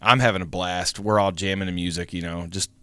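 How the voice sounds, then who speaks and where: A young man co-hosting a podcast, telling a story in a casual, animated way, swearing often and acting out the voices of people in it. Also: low-pitched, brisk, smooth, no room sound. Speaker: podcast co-host.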